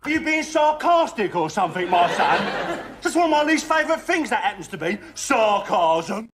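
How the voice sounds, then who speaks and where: Mocking dad played by a man: high and bouncy, sarcastic. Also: sing-song, moderate pace, fairly bright tone, slight background noise. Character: sarcastic mocking man teasing his son. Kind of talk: clip played from a show.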